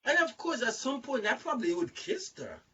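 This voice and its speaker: A man hosting a casual group talk, telling stories in an animated, rambling way, repeating words and acting out other people's lines. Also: very high voice, fairly quick, husky, distant mic, dull audio. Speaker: show host. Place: online video chat.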